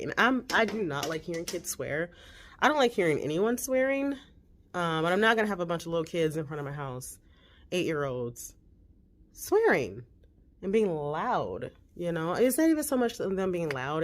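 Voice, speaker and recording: A chatty woman talks at home, animated and quick to laugh. Her voice sits fairly low for a woman. A faint hiss of room noise sits under her phone recording. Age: 40s. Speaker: vlogger and mother. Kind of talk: casual chat.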